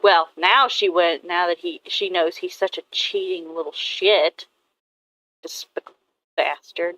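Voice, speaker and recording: Slow-talking woman chatting while she draws. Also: fairly low pitch, steady tone, sharp tone, no echo, muffled recording. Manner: rambling, swears casually. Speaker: artist vlogger. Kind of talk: casual chat while drawing.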